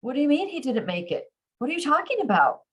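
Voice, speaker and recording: Brief: woman reading a thrilled young Italian man, new father, breathless and rising, pitched up high. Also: wildly swooping pitch, slow, a bit bright, breathy edge, heavily acted. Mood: confused.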